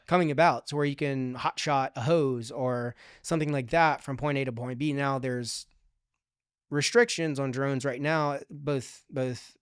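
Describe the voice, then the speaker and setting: A man with a smooth, resonant voice speaks as a guest on a casual podcast. He thinks aloud in long, upbeat runs, full of fillers and restarts, and the sound is close and dry. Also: medium pitch, steady tone, a little slow, no echo. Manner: upbeat and forward-looking. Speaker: podcast guest, digital strategy manager.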